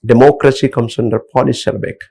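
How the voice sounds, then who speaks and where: A man's voice: medium pitch, steady tone, fast, gravelly, mellow, husky, rough recording. A man from India teaching an English lesson, explaining rules step by step with frequent fillers and restarts. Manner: hesitant, many fillers, explains over slides. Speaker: English lecturer. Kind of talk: classroom lecture on word stress.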